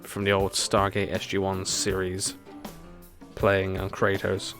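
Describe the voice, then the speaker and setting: A man rambles through a live racing-game stream, laughing at his own jokes as he goes. His voice sits a little low, and game music plays clearly behind him from his home setup. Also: completely flat delivery, measured pace, a bit bright. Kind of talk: live gameplay chat.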